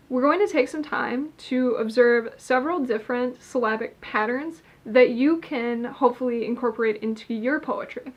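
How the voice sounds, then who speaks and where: Woman explaining poetry rules, slightly high. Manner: methodical, explains step by step with fillers. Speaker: poetry writing teacher. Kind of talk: instructional video explanation.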